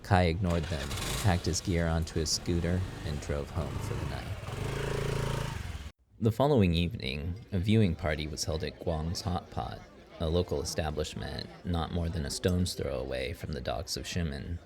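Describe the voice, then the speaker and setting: Deep-voiced man narrating a story. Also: a crowd in the background. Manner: steady measured storytelling. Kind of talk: scripted audiobook narration. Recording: audible background noise.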